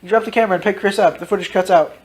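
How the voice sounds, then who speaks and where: A man casually reading out his own story, dropping into loud voices for its characters. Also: sits high, racing. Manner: switches into loud shouted character lines, swears freely.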